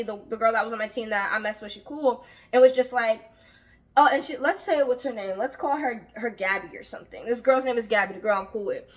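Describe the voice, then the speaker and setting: A young woman casually telling a story from her job, animated and frank, acting out the voices of the people in it. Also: a little high. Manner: frank, uses slang and swearing. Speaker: vlogger telling a work story.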